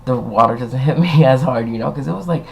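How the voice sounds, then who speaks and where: Brief: young male vlogger, sassy and animated, swears, plays every part of the argument himself. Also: mid-range voice, a little fast, vocal fry, background noise. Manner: acts out both sides of an argument with voiced quotes. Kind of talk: casual storytime rant.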